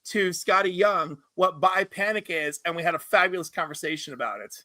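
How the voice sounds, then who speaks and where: Bright, animated campy man telling stories. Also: a little fast, no echo. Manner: campy storyteller, acts out quotes with big pitch jumps. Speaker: podcast co-host. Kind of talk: animated casual chat.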